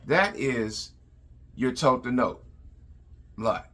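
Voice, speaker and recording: Car salesman guy giving advice, bright voice, keeps repeating himself, lots of uh. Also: mid-range voice, unhurried, pauses often. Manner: plain-spoken, repeats words, many fillers. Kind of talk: advice vlog talk.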